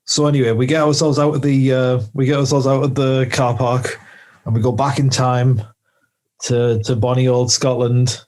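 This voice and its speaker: A man co-hosting a film podcast talks in a loose, jokey way and breaks into laughter often. His voice sits at a middle pitch. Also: little pitch movement, moderate pace, darkish tone. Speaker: podcast co-host. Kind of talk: casual film review chat.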